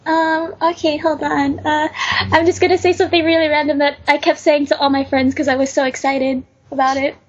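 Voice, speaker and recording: A woman's voice: sits high, little pitch movement, a little fast. A teenage girl being interviewed as an aspiring voice actor, hesitant and filling gaps with lots of ums. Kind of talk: casual podcast interview. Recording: dull lo-fi recording.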